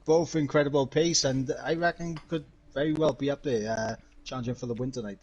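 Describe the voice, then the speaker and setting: Welsh man, relaxed co-commentator. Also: medium pitch, brisk, highs cut off. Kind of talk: esports race commentary.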